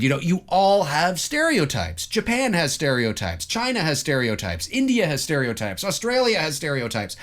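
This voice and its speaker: A man in a vlogger's rant, talking straight to his viewers. His pitch leaps around as he gets worked up, and he fills gaps with ums and you-knows. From Toronto, Canada. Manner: animated, addresses viewers as folks, many fillers. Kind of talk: ranting monologue to camera.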